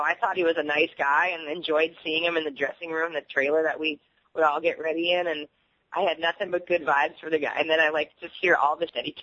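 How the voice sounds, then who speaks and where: A woman guest in a candid interview, telling stories in an animated way and laughing often. The sound is muffled, like radio audio. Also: deep voice, slight background noise.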